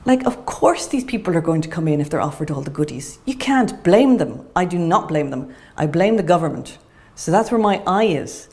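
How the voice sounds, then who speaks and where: A woman in a documentary interview, speaking calmly and in a measured way. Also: fairly low pitch. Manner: calm, measured. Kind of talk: reflective conversation.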